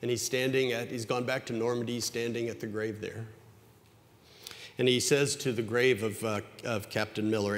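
A male pastor giving a conversational sermon that climbs higher in pitch when he stresses a point. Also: level tone, moderate pace. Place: church sanctuary. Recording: church hall with long reverb.

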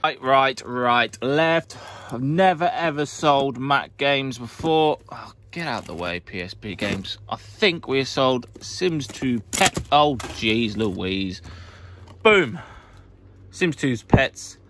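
A man's voice: mid-range voice, expressive, slow pace, a bit bright, a little hiss or hum. A man, a reseller vlogging casually as he picks his orders, hyper and jokey, often talking to himself. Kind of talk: casual vlog while packing orders.

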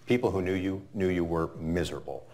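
Deep-voiced male interviewer. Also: a little mellow. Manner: measured, structured questioning. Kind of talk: interview questions.

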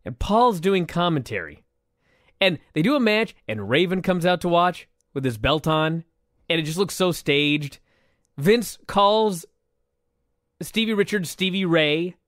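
Animated high-voiced man, exasperated. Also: a little slow, dry recording, clean studio sound. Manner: animated, exasperated, swears and laughs. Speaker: podcast co-host. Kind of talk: casual chat reviewing old wrestling.

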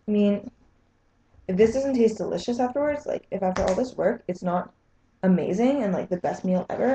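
A woman's voice: medium pitch, brisk, mellow, a little hiss or hum. A young woman in a casual vlog, squeamish and self-mocking as she talks to the camera. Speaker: vlogger. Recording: echoey room.

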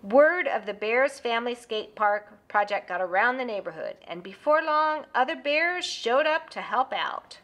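A woman narrating a children's storybook with a lively, expressive reading. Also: on the high side, measured pace, few pauses.

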